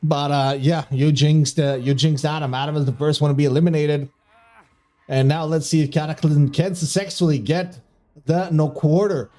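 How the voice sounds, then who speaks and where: High-voiced man giggling through game commentary. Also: fairly even intonation, moderate pace, warm tone. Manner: keeps breaking into giggling fits while commentating; trips over his words and restarts when flustered. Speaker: streamer casting a community game tournament. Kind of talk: live video game commentary.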